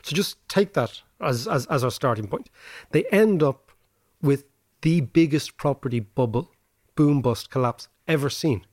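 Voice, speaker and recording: An Irish man talks through history and economics like a lively lecturer, leaning on rhetorical "right?" tags. His pitch jumps around as he makes points. The recording is dry and close. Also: a little slow, no echo. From Ireland. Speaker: podcast host. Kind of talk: casual explanatory chat.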